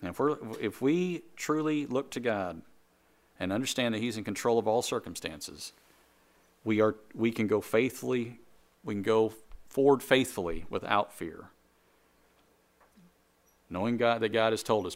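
A man preaching a sermon to a congregation in a conversational way, with jokes, quick asides and repeated phrases. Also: fairly low pitch. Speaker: pastor.

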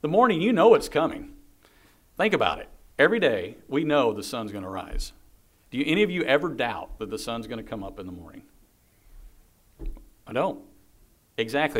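A man's voice: medium pitch, very animated, brisk, pauses often. A man preaching a sermon, reading scripture aloud and earnestly repeating key phrases. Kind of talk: sermon on a psalm.

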